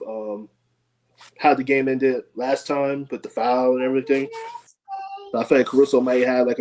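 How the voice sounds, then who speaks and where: A man co-hosting a casual sports podcast, laid-back, filling pauses with lots of ums. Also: mid-range voice, warm tone, a little hiss or hum, low-quality recording. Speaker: podcast co-host.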